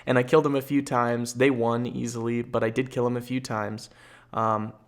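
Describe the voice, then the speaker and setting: Gravelly-voiced man ranking gamers casually. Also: medium pitch, little pitch movement, normal speed. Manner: laid-back, rambling, hesitant with restarts. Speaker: streamer and gaming content creator. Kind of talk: casual gaming commentary ranking players.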